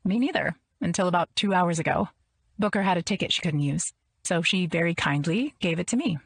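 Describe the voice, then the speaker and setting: A woman's voice: fairly low pitch, expressive, a little fast, husky, no room sound. Woman voicing a nervous, wry young journalist. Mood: teasing.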